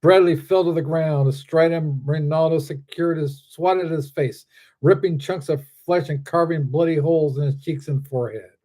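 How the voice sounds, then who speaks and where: Man reading a story in a dark tone. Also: fairly high pitch, normal speed. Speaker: author reading his story.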